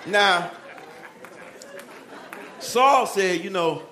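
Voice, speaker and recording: High-voiced shouting preacher, echoey church. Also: male voice, very slow, a faint crowd, slight background noise. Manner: animated, shouting and dropping to a hush, acts out Bible figures. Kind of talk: sermon.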